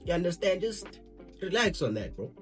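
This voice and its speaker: A man's voice: high-pitched, sing-song, normal speed, faint music behind. A young man casually reacting to a video, rambling in slang and talking to his chat. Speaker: reaction streamer.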